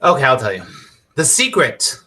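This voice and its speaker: A man's voice: mid-range voice, wildly swooping pitch, moderate pace, sharp tone. A middle-aged man, a spiritual teacher, teaching on a live stream with enthusiasm, repeating his points and quizzing viewers by name.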